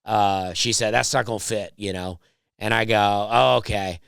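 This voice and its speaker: A man, a stand-up comedian, telling a drawling, deadpan comedy story. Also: fairly low pitch, normal speed, creaky, smooth, no echo, studio quality.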